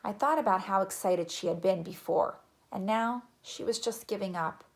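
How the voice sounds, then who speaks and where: A woman narrating a children's chapter book in a gentle, even reading voice. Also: mid-range voice, moderate pace. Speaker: audiobook narrator. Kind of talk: storybook narration.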